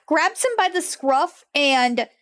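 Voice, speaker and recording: A woman runs a tabletop game, narrating the scene and answering the players' questions. Her voice sits high and she takes her time, trailing into ums and restarts as she works out what to say next. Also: fairly bright tone. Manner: halting, filler-heavy narration. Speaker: game master.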